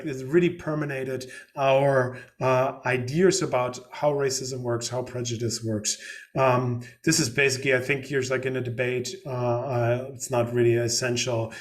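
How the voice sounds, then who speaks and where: A man, giving a casual online university lecture in a loose, chatty way with many fillers and self-corrections. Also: on the high side.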